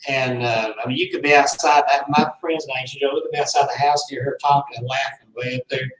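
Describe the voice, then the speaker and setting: A man's voice: medium pitch, steady tone, quick pace, fairly bright tone. Earnest man telling a story. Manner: rambling, earnest, heartfelt. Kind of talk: casual storytelling. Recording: roomy, distant mic, faint noise.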